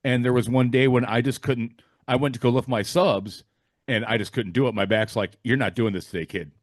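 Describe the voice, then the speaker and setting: A man's voice: medium pitch, moderate pace, dry recording. Man telling a story, dry close sound. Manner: storytelling, relaxed and candid. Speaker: DJ guest. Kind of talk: casual online roundtable chat.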